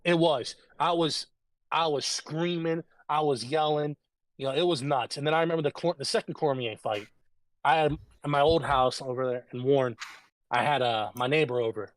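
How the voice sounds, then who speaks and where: A man co-hosting a casual podcast chat, telling stories with rising excitement and getting loud when hyped. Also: on the high side, normal speed, no room sound. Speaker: podcast co-host.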